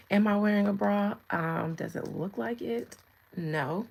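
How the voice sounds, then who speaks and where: A woman's voice: mid-range voice, creaky, darkish tone, breathy edge, rough recording. A woman in her thirties reading tarot on a casual livestream, chatting with viewers and laughing often. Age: 30s. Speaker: tarot reader.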